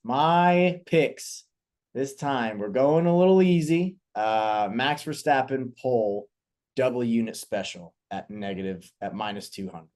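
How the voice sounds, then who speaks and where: Man, podcast co-host, upbeat, playful banter, mid-pitched voice. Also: a little slow, a little mellow. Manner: upbeat, playful, self-mocking. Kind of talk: casual podcast chat.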